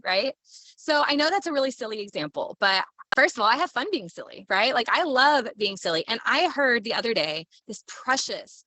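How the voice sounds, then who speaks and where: Woman, leadership coach, live-stream talk, bubbly and playful, fairly high voice, dry sound. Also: sharp tone, dry recording. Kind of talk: casual motivational live talk.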